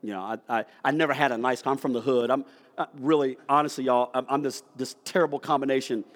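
A man's voice: mid-range voice, fast talker. A man, preaching a sermon in a church and acting out the dialogue of his story. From United States. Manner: storytelling, animated, acts out dialogue. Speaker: pastor. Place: church sanctuary. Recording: long hall reverb.

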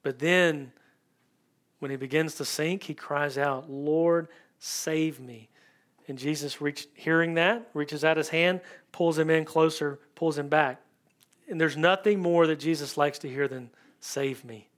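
A man preaching a conversational sermon in church, searching for his words with frequent ums and pauses. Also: fairly high pitch, steady tone, fairly bright tone. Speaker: pastor.

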